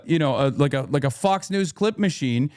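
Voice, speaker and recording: A man ranting on his live stream, heated and profane, swinging between loud outbursts and low mutters. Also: lively intonation, moderate pace.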